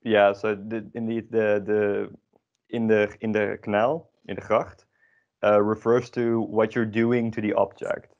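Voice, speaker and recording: Low-voiced man teaching grammar, lo-fi. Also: flat delivery, unhurried, darkish tone. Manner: explains patiently with many fillers and restarts. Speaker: Dutch language teacher. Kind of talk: online grammar lesson.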